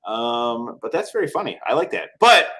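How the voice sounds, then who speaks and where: Lively, bright-voiced man chatting. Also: mid-range voice, moderate pace. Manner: animated, jokey, acts out little quoted voices. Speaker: podcast co-host. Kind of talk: casual chat.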